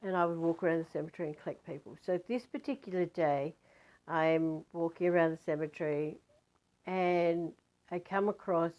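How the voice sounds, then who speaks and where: A woman's voice: lowish voice, lo-fi sound. A woman telling a spiritual story in a chatty, rambling way, with many fillers and restarts.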